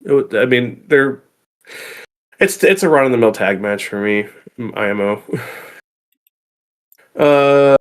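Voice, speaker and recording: A man guesting on a livestream, chatting casually in a relaxed, rambling way. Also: medium pitch, takes it slowly, pauses often. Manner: relaxed, rambling, with fillers and restarts. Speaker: guest co-host. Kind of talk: casual chat.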